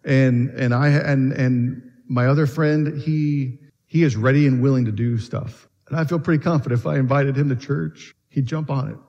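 A man's voice: mid-range voice, steady tone, moderate pace, few pauses, warm tone, highs cut off. A man preaching a sermon in earnest, asking questions and often restarting his phrases. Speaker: pastor. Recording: long reverb of a church hall.

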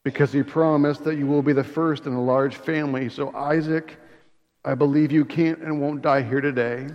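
Earnest old Abraham, steady and resolute, as a preacher puts him on, in a dull, echoing hall. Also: male voice, fairly high pitch, moderate pace, lightly acted. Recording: dull sound in a long-echo hall.

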